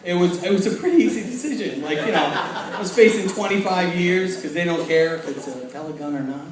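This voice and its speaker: A man's voice: high-pitched, lively intonation, brisk. A young man telling a self-mocking stand-up story, rambling with lots of fillers. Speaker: stand-up comedian. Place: large hall with audience. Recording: echoey hall, mic from far off, loud crowd. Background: audience laughing.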